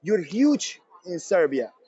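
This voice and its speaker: Guy doing an eastern european accent, admiring lady fan, slow and earnest, dull lo-fi sound. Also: high-pitched, very animated, warm tone, breathy edge, exaggerated voice.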